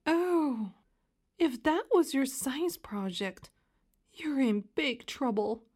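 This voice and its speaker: A woman's voice: high-pitched, lively intonation, slow, darkish tone. A woman doing a teasing little sister. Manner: teasing, sing-song.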